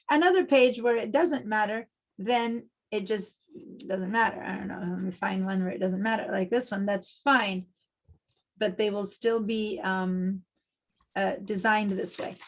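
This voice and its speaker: Over a video call, a middle-aged design instructor from Argentina walks students through steps in a talkative way, using lots of fillers. Her mid-range voice comes through a computer mic in low quality.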